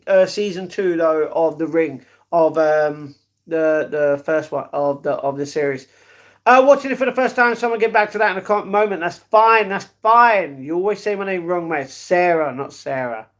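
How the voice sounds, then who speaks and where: Young guy live streaming, high voice, chatty and friendly with chat, calls folks darling. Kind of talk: casual live-stream chat reading comments.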